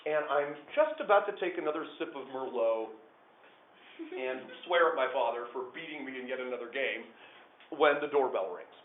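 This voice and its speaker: A man tells a personal story live to listeners at a normal speed, animated and lively in pitch. He swings widely between hushed and loud, and the sound comes through an echoey room over a tinny, phone-like line.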